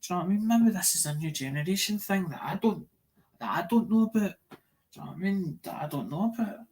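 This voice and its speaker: A man chats loosely on a livestream. His voice sits a little high for a man. He circles back on his own words, stumbles over them and swears freely. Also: animated, fast, creaky, darkish tone, slight background noise. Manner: repetitive, swears a lot, loses track of words. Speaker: livestream host. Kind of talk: rambling casual livestream chat.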